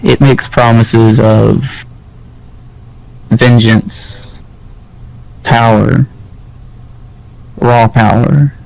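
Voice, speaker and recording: A man running a tabletop game as game master, narrating in a halting way with many fillers. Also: mid-range voice, fairly even intonation, vocal fry, rough recording. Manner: hesitant, filler-heavy improvised narration.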